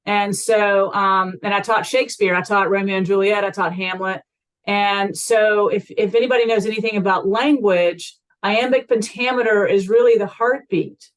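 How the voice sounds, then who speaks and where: Woman host, warmly affirming, explains patiently in a relaxed chat. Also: mid-range voice, moderate pace, poor audio. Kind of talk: casual conversation.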